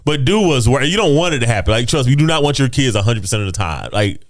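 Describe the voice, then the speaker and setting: A man's voice: mid-range voice, very animated, fast talker, no echo, clean studio sound. Earnest man giving dad advice on a podcast. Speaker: podcast co-host. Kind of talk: casual podcast chat.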